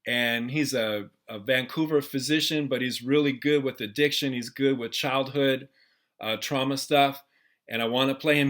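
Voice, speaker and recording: A man's voice: medium pitch, a bit bright. A man presenting a workshop in a conversational way, asking the audience questions as he goes. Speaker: presenter at a training session.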